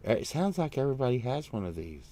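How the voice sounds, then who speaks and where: A man's voice: mid-range voice, big pitch swings, fast, dark tone. A man co-hosting a casual livestream chat, rambling and repeating himself with jokes and casual swearing. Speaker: livestream co-host.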